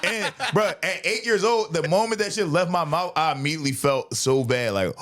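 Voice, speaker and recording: A young man hosting a casual chat, telling a story animatedly and jumping high to act out his friends. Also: normal speed. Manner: animated, acts out friends' voices in a high pitch. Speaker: podcast host.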